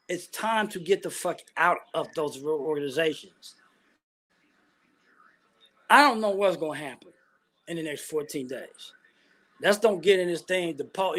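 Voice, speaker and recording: A man's voice: sits high, a bit bright. A man ranting bluntly and profanely about politics, full of heavy slang. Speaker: vlogger giving opinions.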